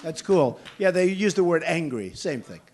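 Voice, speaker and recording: An older man on the stump at a rally, hammering his points with blunt repetition. He talks conversationally, wandering into asides before circling back. His voice sits slightly high for a man. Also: animated, normal speed, darkish tone. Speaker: political candidate. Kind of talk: campaign rally speech answering questions.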